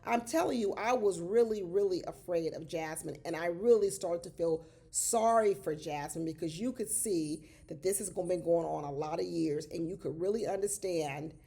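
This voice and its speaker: A woman giving casual, animated commentary on a reality show, exclaiming and talking straight to her viewers as y'all. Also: lowish voice, moderate pace, hardly any pauses, breathy edge.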